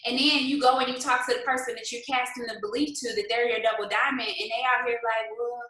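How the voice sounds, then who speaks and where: A woman leading a motivational livestream for her sales team, animated and talking straight to viewers in the comments. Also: fairly high pitch, fast talker, echoey room, poor audio. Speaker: network marketing team leader.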